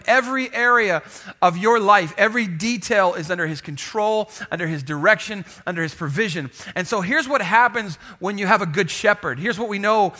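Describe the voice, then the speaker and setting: A man preaching a sermon in an animated, lively way, often calling out to the congregation for a response. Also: high-pitched. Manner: animated, calls for audience response. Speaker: pastor.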